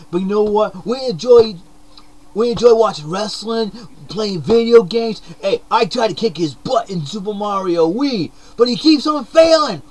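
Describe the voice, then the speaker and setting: Playing a mullet-wearing surfer-dude character, the young man talks straight to camera in an over-the-top, shouty comedic bit packed with slang, bursting with upbeat energy. His natural voice sits high.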